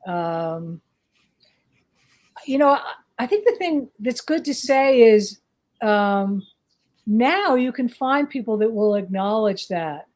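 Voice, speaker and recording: A woman's voice: on the high side, animated, takes it slowly, pauses often, a little mellow. A woman chatting casually as a guest, rambling and hesitant, with many fillers. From northeastern United States. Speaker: psychic guest. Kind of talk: casual chat.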